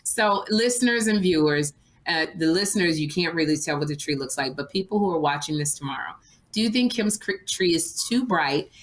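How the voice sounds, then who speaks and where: A middle-aged woman co-hosting a comedy podcast, teasing her friend and telling stories in quoted voices. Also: fairly low pitch. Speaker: podcast co-host. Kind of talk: casual comedic banter.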